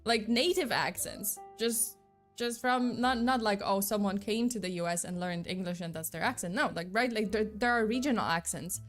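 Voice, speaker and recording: A woman's voice: medium pitch, moderate pace, soft background music. A woman from Poland chatting casually on a stream, rambling and restarting her sentences with a lot of "like". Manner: rambling, restarts a lot, lots of "like", laughs between words. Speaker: vtuber streamer.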